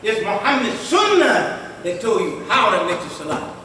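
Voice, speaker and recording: A male imam giving a Friday sermon, swinging between loud and hushed lines and laughing often as he tells stories. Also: sits high, moderate pace, slight background noise. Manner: lively preaching that swings between loud and quiet. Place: mosque prayer hall. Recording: echoey hall from far off.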